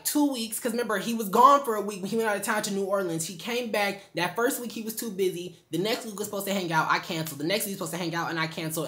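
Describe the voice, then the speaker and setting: Young woman, storytime vlog, rapid slangy chat, mid pitch, speaking to viewers from home. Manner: animated, slangy, talks straight to viewers. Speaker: storytime vlogger.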